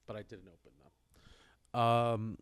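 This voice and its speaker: Smooth, dry-sounding man rambling through a story. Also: medium pitch, completely flat delivery, unhurried, dry recording. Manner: rambling, filler-heavy, mimics voices in anecdotes. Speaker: podcast co-host. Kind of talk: casual chat storytelling.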